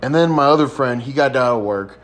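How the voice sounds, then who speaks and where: A man's voice: mid-range voice, fairly quick. A young man in his twenties telling a rambling, crude story in a casual chat. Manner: crude, rambling, laid-back. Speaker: podcast host.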